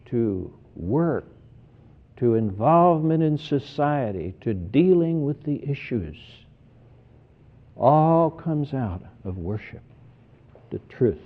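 A man preaching a sermon in an earnest, deliberate way, often repeating words as he stresses each point. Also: mid-range voice. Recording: tinny phone-like sermon recording.

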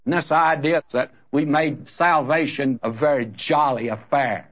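Male preacher, earnest sermon, direct address to the listener, middle pitch, dull lo-fi sound. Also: lively intonation, measured pace, a bit bright. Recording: dull lo-fi recording.

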